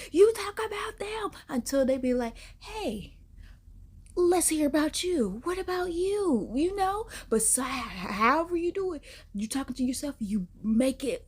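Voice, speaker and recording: A woman's voice: high-pitched, a little mellow. A woman, giving sassy, emphatic commentary as she hosts a reaction video. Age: 30s. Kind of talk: casual animated commentary.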